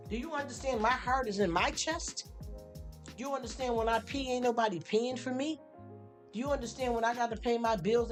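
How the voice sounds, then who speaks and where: A woman hosting a live stream, venting bluntly to her chat and mocking people with put-on voices. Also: on the high side. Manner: blunt, fired-up, mocking impressions.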